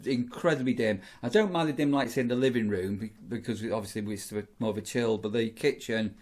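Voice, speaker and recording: Middle-aged man, vlog host, rambling casual chat, easy mid pitch. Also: brisk. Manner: rambling, animated storyteller. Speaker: vlogger, campsite warden.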